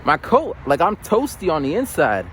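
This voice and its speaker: A man vlogging outside in the cold, voice sitting a little high and swinging widely as he talks. His delivery is loose and rambling, full of animated storytelling and stumbling restarts. It is a relaxed, casual chat straight to his audience. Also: moderate pace, a little hiss or hum. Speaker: vlogger who works lunchroom duty at a school. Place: outdoors in cold weather, near a bridge.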